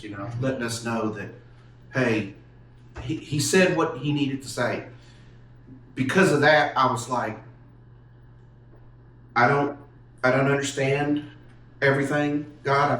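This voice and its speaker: A man, earnestly telling a personal story with halting restarts. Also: mid-range voice, fairly bright tone, slight background noise. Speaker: podcast guest telling his testimony. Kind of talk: casual storytelling. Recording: echoey room, mic far off.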